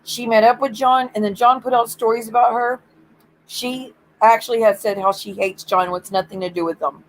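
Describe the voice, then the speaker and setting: A woman's voice: a little high, fairly even intonation, normal speed, a little hiss or hum, low-quality recording. A woman streamer ranting bluntly and swearing in casual stream chat.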